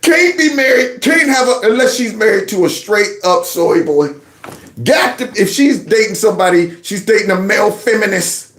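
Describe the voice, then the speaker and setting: A man hosting a political commentary channel, reacting to clips in an animated, mocking way. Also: high-pitched, moderate pace, echoey room. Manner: animated, mocking, mimics others in exaggerated voices.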